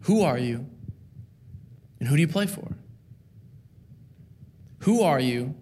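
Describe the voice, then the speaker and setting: Male preacher, high voice, earnest sermon delivery with rhythmic repeated phrases. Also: lively intonation, slow, dark tone, a little hiss or hum. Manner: earnest, rhythmic repetition with rising emphasis.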